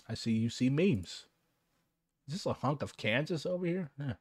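Profane young man from Missouri on a casual livestream, animated ranting, mid-pitched voice, dry close sound. His speech is peppered with swearing and sudden jumps in energy. It comes across as direct and unpolished. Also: moderate pace, husky, no room sound. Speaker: streamer.

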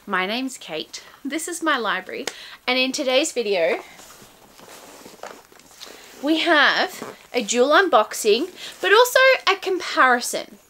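A woman's voice: sits high, very animated, takes it slowly, long pauses, bright, forceful tone, a little hiss or hum. A woman hosting a casual book-box unboxing, chatting in a rambling way with frequent ums and self-corrections. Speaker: book channel host.

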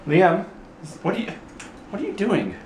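A young father talks into a handheld camera at home, his pitch swinging widely as he jokes and baby-talks his toddlers. The recording has a faint hiss under it. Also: wildly swooping pitch, normal speed. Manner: playful, silly voices, baby talk to his sons. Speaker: vlogger dad. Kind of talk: casual family vlog. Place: family home.

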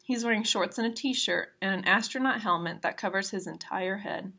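A woman reading a novel aloud at a steady pace, adding brief asides about the chapters. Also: mid-range voice, moderate pace. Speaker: reader of a novel.

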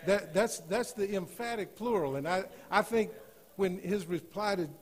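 A man preaching a sermon in a church, rising to loud emphatic scripture reading and dropping to softer asides. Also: sits high, normal speed, slightly rough. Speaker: guest preacher. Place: church sanctuary.

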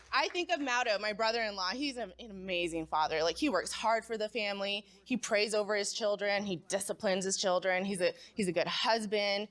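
Young adult woman, church testimony, casual chatty delivery, asks the crowd questions, middle pitch. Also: moderate pace, few pauses, fairly bright tone. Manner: casual and conversational, often asks the crowd "right?"; engages the audience, asks them to call out. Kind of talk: personal testimony talk.

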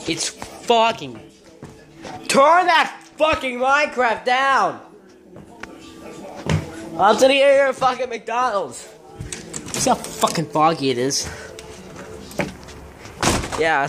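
A man's voice: sits high, sing-song, takes it slowly, long pauses. A young man vlogging outdoors in fog on his own phone camera, grumbling and swearing constantly in a casual rant. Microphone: phone camera held by the speaker.

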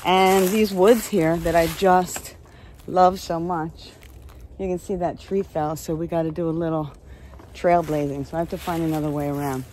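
A woman's voice: lowish voice, steady tone, normal speed, a little mellow, low-quality recording. A woman chatting earnestly while walking outdoors in the woods, out of breath. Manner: chatty and earnest, self-described spiritual practitioner. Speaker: vlogger. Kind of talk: casual walking vlog. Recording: outdoor field recording with noise.

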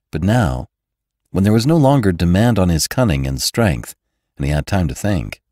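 Deep-voiced man narrating a classic novel. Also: no room sound, clean studio sound. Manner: measured, expressive storytelling. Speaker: narrator and podcast host. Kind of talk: scripted audiobook narration.

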